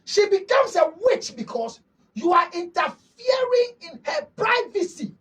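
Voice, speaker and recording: High, animated Ghanaian man lecturing. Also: unhurried, far from the mic, low-quality recording. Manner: emphatic, preachy, lecturing, asks rhetorical questions. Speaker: counselor and host. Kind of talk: preaching-style advice talk, mixing English and Twi.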